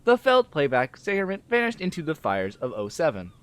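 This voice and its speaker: A streamer reading aloud the lines of a wistful male character from a game, in a measured, elegiac way. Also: medium pitch, huge pitch swings, clean tone.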